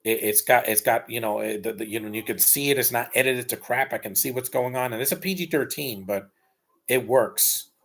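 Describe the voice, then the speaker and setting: Guy ranting thru a movie watch-along, blunt n rambly, regular pitch. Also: brisk, fairly bright tone. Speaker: live movie commentator. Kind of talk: casual opinionated watch-along commentary.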